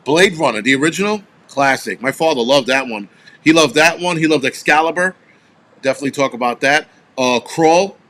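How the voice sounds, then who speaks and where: Guy hosting a live stream, kinda high voice, swears a ton, rambly and animated. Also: a little fast. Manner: profane, animated storytelling; rambling, with restarts. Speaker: host. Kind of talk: casual live-stream chat.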